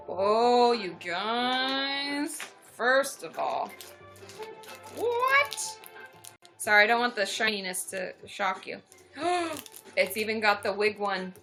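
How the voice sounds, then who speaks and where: A young woman chatting excitedly to her viewers while opening fan mail, often squealing with delight. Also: a little high. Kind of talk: casual livestream chat.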